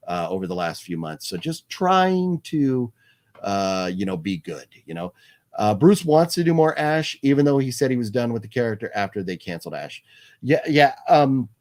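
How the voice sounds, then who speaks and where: A man's voice: mid-range voice, a little mellow. A man hosting a live movie news stream, chatting casually and rambling, with many fillers and restarts while he reads viewer comments aloud.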